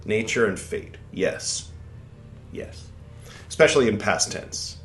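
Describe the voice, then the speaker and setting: A man's voice: on the low side, expressive, takes it slowly, fairly bright tone, faint music behind. A man hosting a podcast, reading an old text aloud and breaking off into casual, irreverent, swearing asides. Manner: irreverent, swears, digressive, mock-dramatic quoting voices. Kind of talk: casual rambling reading commentary. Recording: echoey room with faint background noise.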